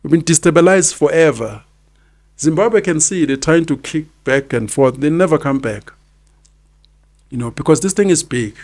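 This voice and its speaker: Emphatic South African man, fairly high voice. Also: expressive, moderate pace, a little mellow. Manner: emphatic, repeats his points for effect. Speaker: podcast host. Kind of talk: opinionated podcast commentary.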